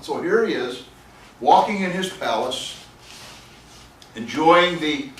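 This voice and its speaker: High-voiced man teaching Bible class. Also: slight background noise. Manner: chuckling, animated storyteller reading scripture aloud. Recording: echoey room, voice from a distance.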